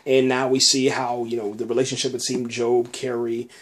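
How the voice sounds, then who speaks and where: A man hosting a podcast, recapping a TV episode in an excited, casual way, often chuckling and saying "man" between phrases. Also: mid-range voice, normal speed. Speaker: podcast host reviewing a TV episode.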